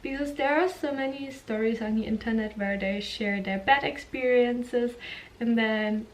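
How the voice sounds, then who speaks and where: A woman's voice: fairly high pitch, normal speed. A young woman vlogger telling a personal story in a candid, chatty way, often laughing and acting out what people said. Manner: candid, giggly, acts out quotes. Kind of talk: casual storytelling vlog.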